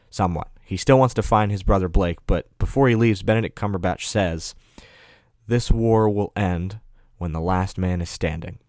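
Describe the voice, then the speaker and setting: A man giving a casual, rambling film review, full of fillers and quick self-corrections. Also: low-pitched, darkish tone, smooth, dry recording, studio quality.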